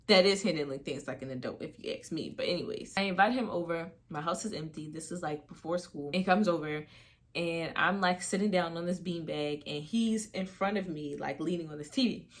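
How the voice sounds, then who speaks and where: A woman's voice: on the low side, brisk. Chatty young woman telling a storytime. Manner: casual and chatty, full of fillers like "you know what I mean". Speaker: vlogger. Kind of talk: storytime vlog.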